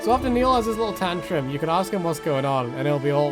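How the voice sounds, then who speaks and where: A man's voice: a little high, very animated, quick pace, over music. A man giving casual, joking game commentary, chatty and swearing freely as he acts out the characters. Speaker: gaming video host.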